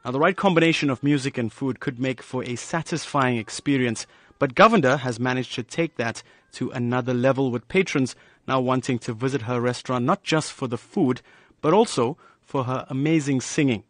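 A man narrating a scripted radio news feature in an even, polished delivery. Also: mid-range voice, moderate pace, no echo.

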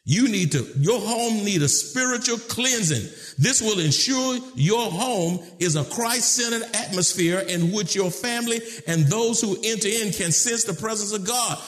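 A man preaching a sermon, moving from low, measured points to shouted, emphatic questions, with casual phrasing like "y'all". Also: animated. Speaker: pastor.

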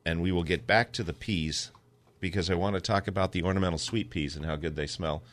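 A man's voice: sits low, fairly quick. A man hosting a radio gardening call-in show, playful and joking with his co-host. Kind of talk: casual radio chat.

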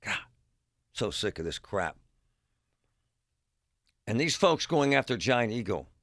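A man's voice: mid-range voice, big pitch swings, takes it slowly, a bit bright, dry recording, studio quality. A man hosting a talk radio show, delivering a blunt, heated monologue. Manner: blunt, heated, emphatic ranting.

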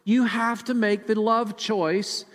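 A man's voice: sits high, fairly even intonation, takes it slowly, big-room sound. A male pastor delivering a sermon emphatically, often repeating words as he preaches. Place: church sanctuary.

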